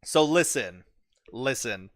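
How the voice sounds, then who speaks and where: Male livestream host, swears freely and spins hushed dramatic tales, dry close mic. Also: medium pitch, slow pace, no room sound. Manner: profane, animated, storytelling with dramatic hushed build-ups. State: bit his cheek, sore mouth. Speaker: livestream host reading chat. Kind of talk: casual livestream chat.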